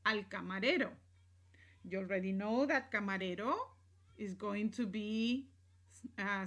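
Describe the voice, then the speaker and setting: Slow, bright-voiced woman teaching grammar. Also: mid-range voice. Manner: explanatory, checks in with "right?" and "¿sí?"; switches between English and Spanish examples. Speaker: Spanish teacher. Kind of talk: recorded grammar lesson.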